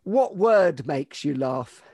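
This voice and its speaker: High, lively male podcast host. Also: breathy edge. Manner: brisk, asks short set questions. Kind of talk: quick-fire interview questions.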